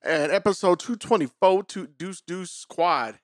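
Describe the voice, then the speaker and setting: A man hosting a casual podcast, his voice sitting a bit high for a man. He tells stories through laughter and restarts, recorded close and dry with no room sound. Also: a little slow, no echo. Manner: laughing, animated storyteller. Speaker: podcast host. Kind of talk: casual storytelling chat.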